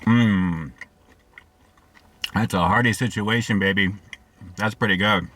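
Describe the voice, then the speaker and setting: A man reviewing fast food for his channel, upbeat and slangy, talking straight to his viewers. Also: lowish voice, steady tone, pushed and bright, husky. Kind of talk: casual food review vlog.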